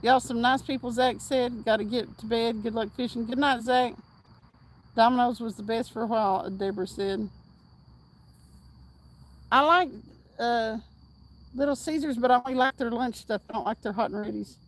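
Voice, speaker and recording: A woman's voice: a little high, steady tone, normal speed, pauses often, poor audio. A woman hosting a casual fishing livestream outdoors at night, chatting and reading viewer comments aloud with frequent laughs. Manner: chatty, reads chat aloud, laughs often.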